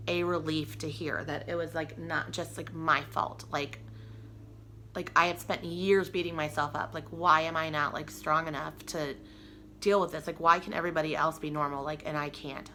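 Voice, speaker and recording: A woman's voice: low-pitched, steady tone, normal speed, sharp tone, a little hiss or hum. A young woman telling a personal story to camera in a chatty, rambling way, full of "like" and restarts. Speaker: vlogger.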